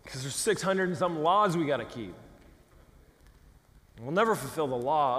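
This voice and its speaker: A man from California preaching a sermon as pastor, emphatic and swinging between loud declarations and hushed asides. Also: fairly high pitch, expressive, normal speed, long reverb tail. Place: church sanctuary.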